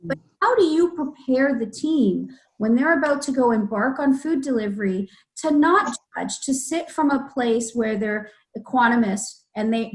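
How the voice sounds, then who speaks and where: A woman's voice: on the high side, lively intonation, normal speed, few pauses, rough recording. A woman hosting an interview, sharing heartfelt stories from her volunteer deliveries. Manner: heartfelt storytelling. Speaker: interview host. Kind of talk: casual interview talk.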